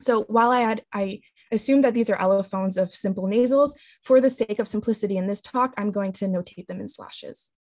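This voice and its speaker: A woman presenting a linguistics talk with slides, explaining in a measured way with frequent ums and restarts. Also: medium pitch, darkish tone, no echo.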